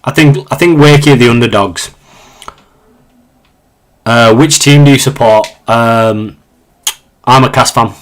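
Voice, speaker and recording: A man's voice: medium pitch, unhurried, pauses often. A young man in his twenties with a Yorkshire accent, casually chatting on a live stream as he plays and reads viewer questions aloud. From Yorkshire, England. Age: 20s. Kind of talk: casual live-stream chat while gaming.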